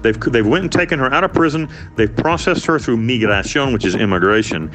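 A man telling his own story in an interview, blunt and profane, with animated delivery. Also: mid-range voice, brisk. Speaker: interviewee, former prisoner.

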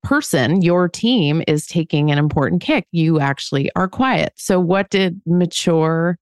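A woman's voice: on the low side, lively intonation, unhurried, no room sound. Candid woman in her forties, dry studio. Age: 40s. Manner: candid, self-mocking storytelling with frequent laughs. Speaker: podcast co-host. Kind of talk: casual chat.

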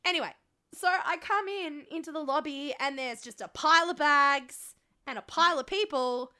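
A woman's voice: high voice, moderate pace, bright, forceful tone. A woman co-hosting a podcast, telling a story in casual chat, rambling with ums and swearing. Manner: rambling, frequent ums, swearing, self-mocking. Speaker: podcast co-host.

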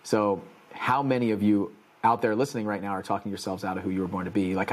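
Earnest motivational man, lowish voice. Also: little pitch movement, fast talker. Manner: earnest, preaching, repetitive emphatic phrasing. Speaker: podcast host. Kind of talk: motivational podcast monologue.

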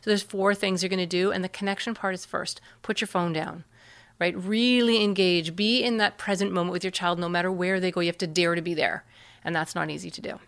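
A woman guest in an interview, explaining parenting techniques in an earnest, animated way and often acting out what kids and parents say. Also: fairly low pitch, fairly quick.

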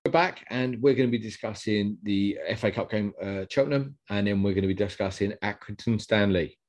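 A man hosting a fan podcast, brisk in casual football chat and steering the talk along. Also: fairly low pitch, a little mellow, faint music behind. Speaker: podcast host.

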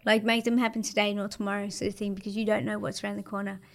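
A woman in her thirties with an Australian accent, chatting casually as an interview guest in a relaxed, slangy way with lots of fillers. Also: mid-range voice, rapid-fire, creaky. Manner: laid-back, slangy, many fillers. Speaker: interview guest, para-surfer.

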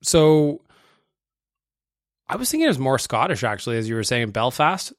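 A man hosts a casual sports podcast in an easygoing, self-mocking manner. He chats freely and is easily amused. His voice is mid-pitched, recorded close and dry. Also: big pitch swings, moderate pace, dry recording. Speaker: podcast host.

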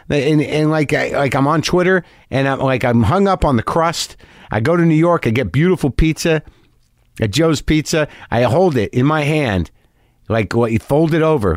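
A man's voice: mid-range voice, no echo, clean studio sound. Rambling, profane male podcast host. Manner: rambling, profane, self-deprecating. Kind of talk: casual rambling monologue.

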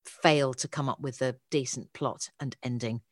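A woman's voice: extremely low pitch, fairly even intonation, moderate pace, no echo, studio quality. A woman, a guest author chatting casually, enthusiastic and self-deprecating with emphatic repeats. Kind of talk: casual chat.

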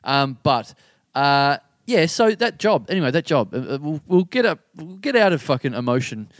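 A man's voice: on the high side, very animated, normal speed, no echo, studio quality. Rambling Australian man telling a story. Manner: rambling, swearing, acting out quoted exchanges. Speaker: podcast co-host. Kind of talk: casual live podcast storytelling.

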